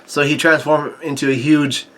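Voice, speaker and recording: Bright-voiced man recapping a manga, halting. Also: a little high, fairly even intonation. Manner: halting, many restarts and self-corrections. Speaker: manga reaction host.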